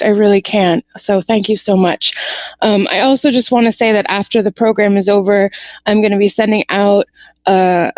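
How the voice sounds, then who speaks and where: Woman, teacher, soft-spoken, grateful, dry close recording. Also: medium pitch, dry recording. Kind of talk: closing remarks.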